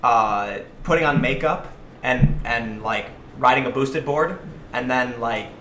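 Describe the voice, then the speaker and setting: A man's voice: medium pitch, a little slow. Rambling man in an echoey room. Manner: rambling, animated storytelling, acting out quoted voices. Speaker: livestream host. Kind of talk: casual live-stream chat. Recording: echoey room, faint noise.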